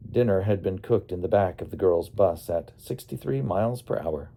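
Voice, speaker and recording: A man narrating his memoir as an audiobook in a calm, wry storytelling manner. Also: deep voice, moderate pace, creaky, few pauses. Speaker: narrator and bus driver.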